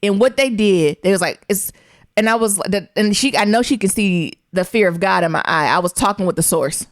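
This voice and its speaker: Woman, podcast co-host, casual chat, animated, comic storytelling. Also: medium pitch, fairly quick, no room sound, clean studio sound.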